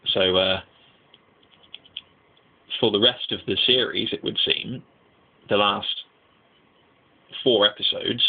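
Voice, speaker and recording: A young man giving a casual, rambling anime review, excitable and swearing freely. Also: lowish voice, takes it slowly, gravelly, pauses often, husky. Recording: tinny lo-fi mic.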